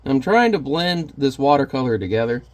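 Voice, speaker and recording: A man's voice: mid-range voice, expressive, normal speed. A man who is a parent, chatting casually and candidly while painting on camera, rambling and self-deprecating. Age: adult parent.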